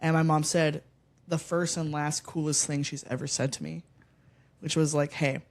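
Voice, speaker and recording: A woman's voice: low voice, fairly even intonation, moderate pace. A young woman, a comedian, chatting casually as a podcast guest, brash and profane, telling stories from her life. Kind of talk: casual chat.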